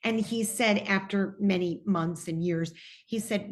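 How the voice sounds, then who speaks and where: A woman's voice: medium pitch, a little slow, slight background noise. A middle-aged woman, a TV personality, telling her own story earnestly in an interview and speaking openly of her faith. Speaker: TV personality and guest.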